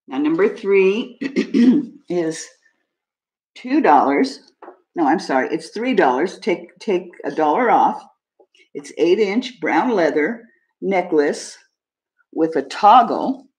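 A woman hosting a live jewelry sale stream, describing pieces in a chatty, unhurried way and talking to viewers. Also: on the low side, animated, darkish tone. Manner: chatty, describes items slowly, friendly asides to viewers. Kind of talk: casual live-stream selling.

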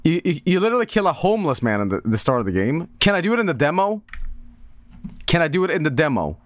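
A man's voice: fairly high pitch, sing-song, fast talker, dry recording. A man streaming a game, rambling and sardonic in casual commentary, laughing often.

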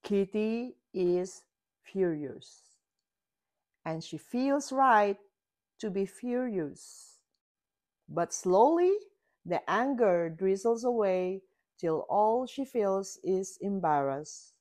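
A woman reading a children's picture book aloud with slow, expressive storytelling. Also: medium pitch. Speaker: storybook reader.

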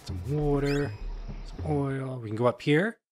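A man's voice: mid-range voice, unhurried, background noise. A man giving casual, chatty commentary while playing a game, with wry asides about what is on screen. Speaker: let's play gamer. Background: game music.

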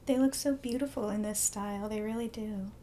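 A woman's voice: mid-range voice, fairly even intonation, brisk, dark tone, slight background noise. A young woman hosting a live reaction video, gushing and reacting aloud with emotion, often dropping to a whisper.

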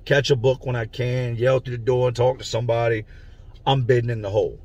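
A man's voice: mid-range voice, steady tone, fairly quick, darkish tone, lo-fi sound. A man telling a story from his own prison time in a casual, slangy way, stopping to explain terms. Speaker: storyteller recounting prison life.

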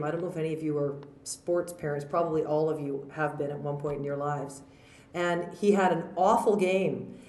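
Woman premier at a podium, informal and anecdotal, slightly low voice, roomy hall sound. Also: darkish tone. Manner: informal, anecdotal, with fillers and restarts. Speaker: provincial premier giving closing remarks. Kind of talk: conversational speech to a conference. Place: large conference hall. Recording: echoey conference hall.

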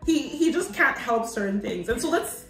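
A woman's voice: sits high, animated, moderate pace, a bit bright, faint music behind. Giggly woman in an echoey room. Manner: giggly and gushing, laughs often. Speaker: podcast co-host. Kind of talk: casual chat.

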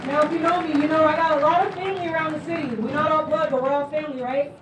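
A woman with a very high voice works the crowd as a rally emcee, using energetic call-and-response. Her voice carries through a PA from a distance and bounces with echo. A large crowd and steady noise sit behind her. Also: racing. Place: outdoor rally at a school. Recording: echoey PA from afar, crowd noise. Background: cheering crowd.

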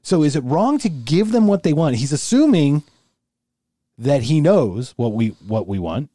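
A man's voice: on the high side, big pitch swings, measured pace, mellow, no echo, clean studio sound. A man co-hosting a podcast in casual chat, rambling with lots of restarts. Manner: rambling, restarts a lot, mimics the people he talks about. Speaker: podcast co-host.

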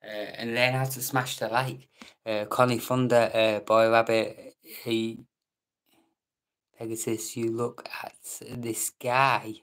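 A man's voice: mid-range voice, little pitch movement, takes it slowly, a bit bright, clear, resonant tone. A British man hosting a late-night live stream chat, joking with viewers and reading out their names, sometimes dropping to a whisper. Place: room at home at night.

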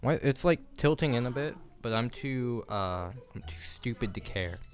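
Young male vlogger, animated swings in pitch, self-deprecating and sweary, phone audio in a home kitchen. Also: moderate pace. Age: young adult. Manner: flustered, self-mocking, swears often. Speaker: YouTuber. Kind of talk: casual vlog commentary while building. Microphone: phone camera.

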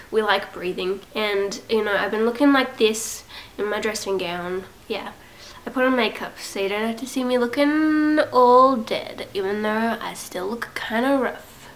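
A woman's voice: mid-range voice, unhurried, a bit bright, slight background noise, poor audio. Congested young woman rambling to camera. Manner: rambling, self-mocking, chatty. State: congested with a cold. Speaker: vlogger. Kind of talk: casual rambling chat to camera. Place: at home. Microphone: camera set up at home.

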